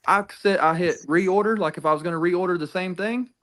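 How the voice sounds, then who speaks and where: A man's voice: high voice, a little fast, fairly bright tone, a little hiss or hum. A man chatting casually about racing, rambling with frequent restarts and swearing. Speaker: podcast co-host.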